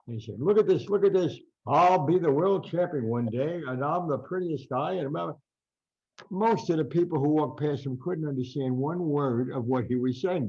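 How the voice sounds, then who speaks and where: Gravelly older New Jersey man telling stories. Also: medium pitch, dark tone. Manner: rambling anecdotal storyteller, acts out quotes. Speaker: guest boxing writer. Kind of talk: storytelling interview. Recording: dull lo-fi podcast audio.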